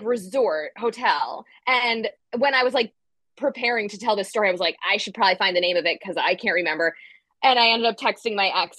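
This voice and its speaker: A woman tells a story in a casual chat, lively and animated, slipping in "like" again and again and acting out what people said. Her voice sits a little high. The sound is dry and close, with no room around it. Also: dry recording. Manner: animated, acts out quotes, frequent "like" fillers. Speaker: guest storyteller.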